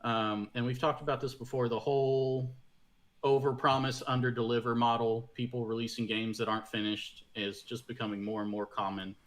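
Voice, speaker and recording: A man's voice: medium pitch, level tone, normal speed. A man on a casual panel chat, giving opinionated, rambling takes. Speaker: podcast panelist.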